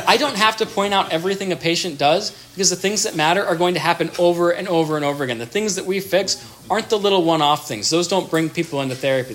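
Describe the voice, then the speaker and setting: A therapist giving casual advice, talking animatedly, often restarting words and acting out bits of dialogue. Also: mid-range voice. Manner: animated, acts out little dialogues in changing voices.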